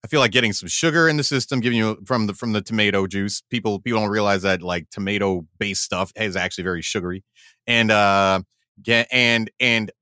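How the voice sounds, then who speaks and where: A man's voice: lowish voice, sharp tone, no echo, studio quality. A man co-hosting a podcast, chatting casually and explaining things at length with frequent restarts. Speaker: podcast co-host. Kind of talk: casual chat.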